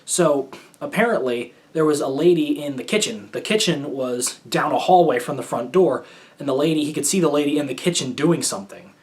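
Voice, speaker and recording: A man's voice: fairly high pitch, animated, fairly quick. A young man from the United States telling stories as a show host in casual solo talk, rambling and hesitant, with many fillers and restarts.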